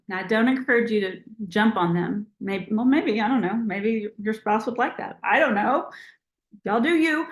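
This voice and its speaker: A woman leading a motivational team call over a video call in a chatty, encouraging, animated way. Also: a little high, reverberant. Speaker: team leader hosting a call.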